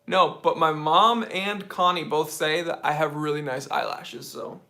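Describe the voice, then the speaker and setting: A man's voice: fairly high pitch, fairly even intonation, measured pace, gravelly, sharp tone, echoey room. An American man hosting a live Q&A stream, casual and joking as he reads viewer comments aloud. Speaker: host.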